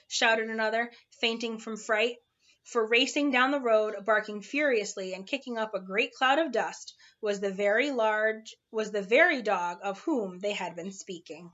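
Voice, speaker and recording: A woman narrating a children's storybook aloud in an expressive, animated way. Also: a little high, normal speed, muffled recording.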